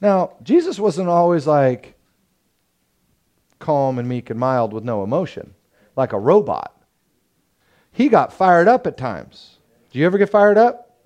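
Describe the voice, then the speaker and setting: A young man preaching a sermon as pastor, telling the story lively and acting out the quotes. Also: fairly high pitch, measured pace, long pauses. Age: young adult. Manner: animated storytelling, acts out quotes with laughs.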